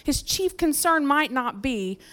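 A woman preaching a conversational sermon in church, telling stories from her life with lively asides to the congregation. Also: sits high, measured pace. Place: church sanctuary.

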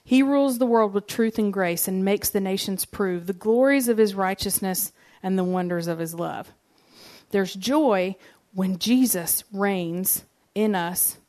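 A woman delivers a sermon, speaking at an ordinary pitch. She mixes in personal stories, speaks with humor and talks straight to her listeners. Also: a little mellow. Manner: conversational and humorous, addresses the audience directly. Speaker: speaker giving a church message.

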